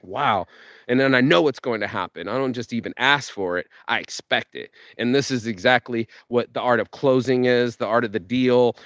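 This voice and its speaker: A man's voice: medium pitch, no room sound, clean studio sound. Fired-up, profane man giving a motivational rant. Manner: profane, fired-up, rambling with restarts. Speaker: vlogger. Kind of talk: motivational monologue.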